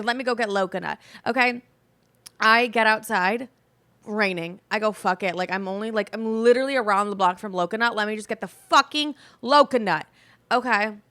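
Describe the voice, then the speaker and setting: A woman's voice: on the high side, bright, forceful tone. A young woman in her twenties hosting a podcast, telling a story as a dramatic, profane rant full of "like" and acted-out quotes of herself. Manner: dramatic, profane, quoting herself constantly with many "like"s. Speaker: podcast host.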